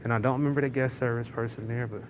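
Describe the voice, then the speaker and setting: Talking rapid-fire in a medium-pitched, steady voice, a man hosts a relaxed walking livestream. He rambles to viewers through his phone mic as he crosses a large indoor venue, and the background is noisy.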